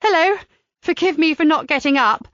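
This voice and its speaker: A woman voicing a cheerful grown daughter, bright and eager in manner. The recording is dry and slightly dull. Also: high-pitched, moderate pace, no room sound, pitched above the performer's own voice, natural voice.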